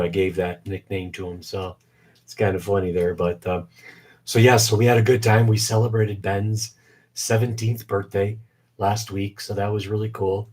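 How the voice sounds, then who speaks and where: Low flat-voiced man, short of breath. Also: slightly rough. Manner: rambling, many fillers. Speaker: host of a live stream. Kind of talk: casual live-stream chat. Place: home basement shop.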